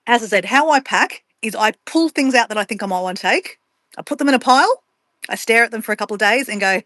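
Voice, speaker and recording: A woman's voice: a little high, animated, quick pace, fairly bright tone, dry recording. A woman, a travel vlogger chatting casually and playfully with livestream viewers while she packs. She laughs often and talks to herself as she goes. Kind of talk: casual livestream chat reading viewer comments.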